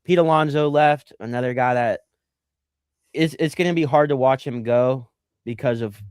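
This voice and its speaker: A man's voice: medium pitch, normal speed, clean tone, no echo, studio quality. A man co-hosting a casual sports podcast, chatting, joking and reading out viewer comments. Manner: animated, jokey, reads out live comments. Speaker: podcast co-host.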